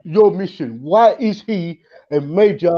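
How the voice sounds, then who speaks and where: A man arguing as a guest in a heated online debate, halting and repeating words as he builds his points slowly. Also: high-pitched, animated. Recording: muffled online call audio.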